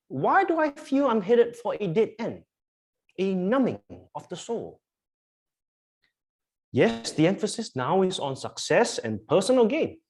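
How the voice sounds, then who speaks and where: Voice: medium pitch, a little mellow, voice pushed up. A preacher voicing a famous American actor in an American accent, confessing that success feels empty. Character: famous male American film actor, weary and reflective. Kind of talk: quoted impression in a sermon.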